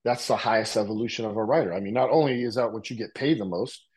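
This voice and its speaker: Husky man telling prison stories. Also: lowish voice, quick pace, darkish tone. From United States. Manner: loose, slangy, full of fillers. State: coughing from a bong. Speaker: interview guest, writer. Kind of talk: casual storytelling.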